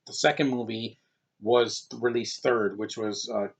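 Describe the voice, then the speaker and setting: A man's voice: lowish voice, steady tone, measured pace, slightly rough. A man in his thirties giving a rambling, casual movie review, jumping from one aside to the next. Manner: rambling, digressive. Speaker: film reviewer. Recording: dull lo-fi recording.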